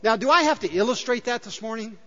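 Animated preacher in a reverberant church. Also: male voice, very high voice, fast talker. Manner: emphatic, rhetorical questions to the congregation. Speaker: pastor. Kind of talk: sermon. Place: church sanctuary. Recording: dull, reverberant church hall.

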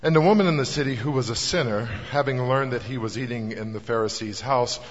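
A man reading a scripture passage aloud in a measured, solemn way. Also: mid-range voice, slight background noise. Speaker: scripture reader. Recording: dull, long reverb in a hall.

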